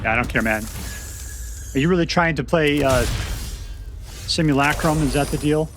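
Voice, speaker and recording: A man with a fairly high voice plays a card game at a moderate pace, giving casual, joking commentary to himself. The background is noisy.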